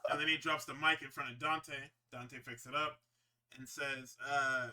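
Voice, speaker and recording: A man co-hosting a podcast, casually recapping wrestling shows in an animated, profane way and slipping into quick impressions. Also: mid-range voice. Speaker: podcast co-host.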